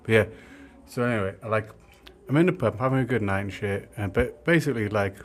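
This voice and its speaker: Young guy rambling thru a story, lotsa "like" and swearing, lowish voice. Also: fast talker. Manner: rambling, full of fillers and swearing. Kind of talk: casual storytime monologue.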